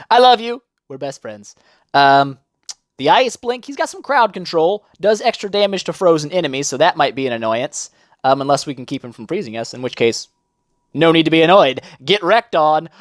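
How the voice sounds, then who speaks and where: Excitable, animated man narrating gameplay. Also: fairly high pitch, dry recording, clean studio sound. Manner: excitable, jokey, reacts aloud to every turn. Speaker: mobile game video host. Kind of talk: casual gameplay commentary.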